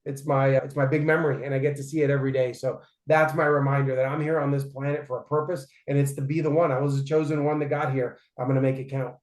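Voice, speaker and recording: A man's voice: mid-range voice, little pitch movement, fast, hardly any pauses. A man in his forties, a podcast guest, telling stories emphatically and often checking in with "right?". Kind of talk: casual interview storytelling. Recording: roomy echoey room.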